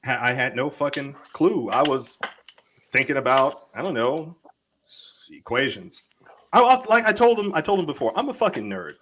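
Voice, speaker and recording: A man's voice: medium pitch, animated, normal speed, fairly bright tone, slight background noise, rough recording. A man telling stories in a casual, profane way, acting out the voices of the people in them. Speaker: panel show guest. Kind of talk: casual storytelling.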